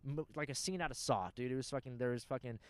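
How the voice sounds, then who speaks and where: A man's voice: mid-range voice, fast, no room sound. A young man telling rambling, profane stories in casual chat. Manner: animated, profane storyteller.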